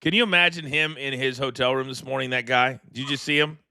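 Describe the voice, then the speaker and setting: A middle-aged man hosting a live wrestling watchalong, ranting in animated, incredulous commentary from a studio mic. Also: mid-range voice, fast, dry recording. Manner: animated, incredulous, rambling rants. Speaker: host.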